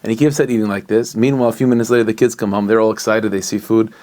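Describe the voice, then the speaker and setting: A male rabbi telling a story with a lowish voice. He talks in a lively, chatty way and often restarts his phrases as he goes. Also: very fast. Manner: animated and conversational, with frequent restarts.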